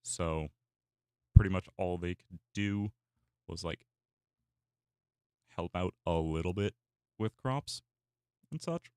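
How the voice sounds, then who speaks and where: Speaking slowly with long pauses, this young man's low voice is animated, warm, clear, and resonant, captured in clean studio sound without room sound. An artist and YouTuber, he draws while chatting loosely, full of fillers and restarts.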